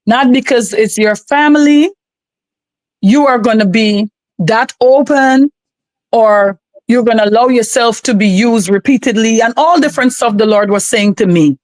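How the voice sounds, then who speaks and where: A woman's voice: on the high side, moderate pace, darkish tone, no room sound, poor audio. A woman from Guyana with a Guyanese accent, a podcast guest giving an earnest, emotional personal testimony that circles back on itself.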